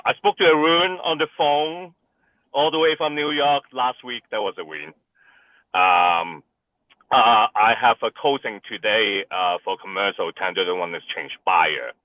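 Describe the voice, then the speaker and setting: A man's voice: fairly low pitch, no room sound. Hesitant man on a tinny phone-like line. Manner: soft-spoken, hesitant, many fillers. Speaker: real estate agent on a partners call. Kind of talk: casual update.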